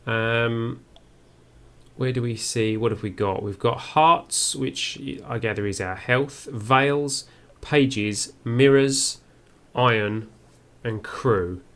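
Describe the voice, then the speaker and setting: A man playing a game for the first time who thinks out loud and reads the on-screen text to his viewers. His voice sits at an ordinary middle pitch with a gravelly, creaky texture. He talks in an unhurried, wondering way. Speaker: game streamer. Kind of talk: first-play commentary.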